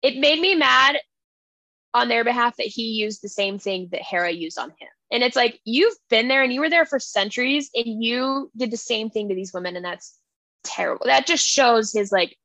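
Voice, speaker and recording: A woman's voice: fairly high pitch, normal speed, dry recording. A young woman co-hosting a book podcast, recapping a story in casual chat and acting out the characters' lines. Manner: animated retelling with playful quoted voices. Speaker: podcast co-host.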